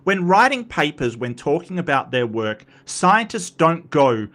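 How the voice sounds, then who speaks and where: A man's voice: a little high, sing-song, measured pace, few pauses, fairly bright tone. A man hosting a reaction commentary, talking in an exasperated, sarcastic and mocking way. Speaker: commentary host reacting to a video.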